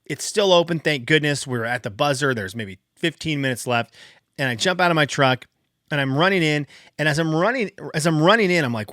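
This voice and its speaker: Animated, bright-voiced man telling stories. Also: fairly quick, no room sound, clean studio sound. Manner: animated, exasperated, jumps high in pitch for emphasis. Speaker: podcast host. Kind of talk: casual storytelling monologue.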